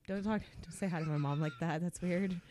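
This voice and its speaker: A woman's voice: on the low side, a little fast, a little mellow. A young woman co-hosting a podcast in casual chat, laughing and snorting often as she talks. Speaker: podcast co-host.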